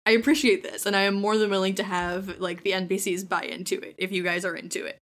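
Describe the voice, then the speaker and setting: A woman runs a tabletop role-playing session as game master. Her voice is bright and her pitch sits in a middle range. She keeps things moving with quick jokes and frequent laughter. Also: little pitch movement. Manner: quick joking asides, laughs often.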